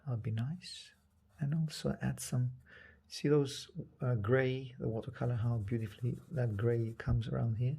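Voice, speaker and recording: Soft-spoken gravelly man teaching painting. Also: mid-range voice, fairly even intonation. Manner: soft-spoken, often drops to a whisper while painting; halting, thinking aloud with restarts. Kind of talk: live painting demonstration.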